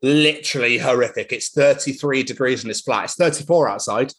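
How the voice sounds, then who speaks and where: A young man co-hosting a podcast in casual chat from his flat, excitable and sweary, often laughing. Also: mid-range voice, fairly quick, a little hiss or hum. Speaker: podcast co-host. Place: hot flat.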